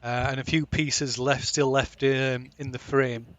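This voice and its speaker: A man's voice: medium pitch, little pitch movement, a little slow, a bit bright. A man running a tabletop game, hesitating with many ums. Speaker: game master.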